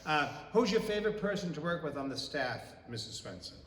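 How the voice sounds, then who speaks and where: A man's voice: a little high, animated, a little fast, a little hiss or hum. A middle-aged man, a parish priest hosting a casual web show, joking and laughing often. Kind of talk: casual chat. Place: parish house room. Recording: echoey room, mic at a distance.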